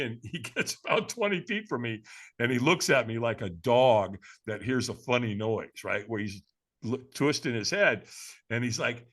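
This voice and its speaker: A man guesting on a podcast, telling a personal story in a lively, dramatic way and laughing as he goes, with a casual manner. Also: medium pitch. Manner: casual, addresses the host as man and brother.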